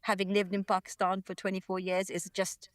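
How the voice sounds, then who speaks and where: A woman's voice: mid-range voice, completely flat delivery, brisk, no room sound, clean studio sound. A woman from East London with a British accent, hosting a casual podcast interview and asking questions in a friendly, curious way. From East London, England. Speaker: podcast host.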